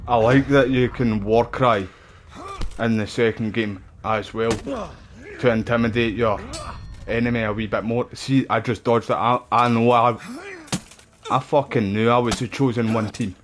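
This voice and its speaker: A man comments on his game with loud, profane, excitable banter. His voice sits at a middle pitch. A faint hiss runs under the stream audio. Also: moderate pace. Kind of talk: casual gameplay commentary.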